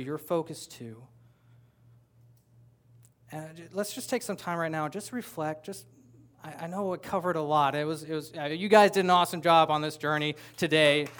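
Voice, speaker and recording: A man's voice: on the high side, a bit bright. A man preaching a sermon as pastor, talking conversationally with playful asides to the congregation. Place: church sanctuary with a congregation.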